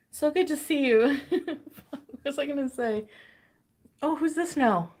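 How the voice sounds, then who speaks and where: A woman's voice: sits high, measured pace, long pauses, a little mellow. A woman chatting casually on a livestream, tired and giddy, greeting viewers with bubbly squeals. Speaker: livestream host.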